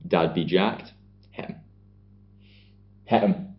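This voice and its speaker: Male podcast co-host, very low voice, dry sweary recaps, muffled lo-fi mic. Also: slow pace. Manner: sardonic, sweary plot recapping. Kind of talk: casual film recap chat. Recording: dull lo-fi podcast audio.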